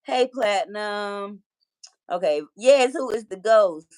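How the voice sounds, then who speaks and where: A woman's voice: medium pitch, slow, darkish tone. A woman in her forties with a Detroit accent, hosting a casual livestream and chatting with viewers and reading their comments, playful and full of trash talk. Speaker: livestream host.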